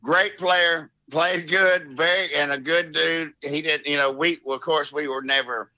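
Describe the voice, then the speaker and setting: A middle-aged man with a thick Alabama drawl, his voice very bright and sharp-edged, telling rambling country stories with plenty of cussing. The sound is dry and a little dull and lo-fi. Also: a little high, fairly even intonation, measured pace, no echo. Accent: Alabama Southern. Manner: rambling, salty country storytelling with frequent laughs. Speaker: guest, golf professional. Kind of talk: casual podcast storytelling.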